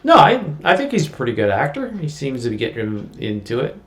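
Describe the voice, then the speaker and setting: A man's voice: medium pitch, huge pitch swings, fast. A man co-hosting a podcast, giving short, agreeable replies in casual chat. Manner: brief, agreeable backchannel replies. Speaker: podcast co-host.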